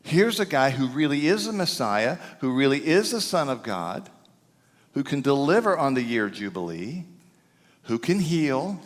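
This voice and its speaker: A man preaching to his congregation in a lively, swinging voice pitched a little high. He bursts into shouts for emphasis, then drops to a hushed aside. His voice carries a long reverb through the sanctuary. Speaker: pastor. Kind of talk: sermon. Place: church sanctuary.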